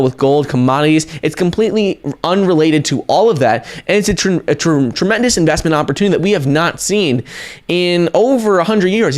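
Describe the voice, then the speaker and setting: A man hosting a crypto news vlog, talking in an energetic, casual way with fillers and restarts. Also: fairly high pitch. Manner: energetic, talks in quick runs with fillers and restarts. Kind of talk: casual news commentary to camera.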